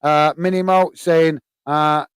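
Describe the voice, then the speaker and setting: A man's voice: on the high side, fairly even intonation, slow pace, smooth, no echo. An English man hosting a live football stream, reading fan comments aloud with lots of fillers and friendly "mate" replies. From England. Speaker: host reading live chat.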